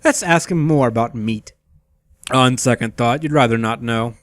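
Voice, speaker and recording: A man commentating a game, with sarcastic, low-key asides. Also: normal speed. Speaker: let's play host.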